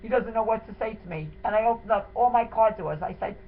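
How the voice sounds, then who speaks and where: Speaking fast in a voice on the high side, a woman tells her own story as a wife, describing with emotion and indignation what befell her and her husband. It's a dramatic, indignant retelling, heard through tinny, phone-like sound with a faint hiss.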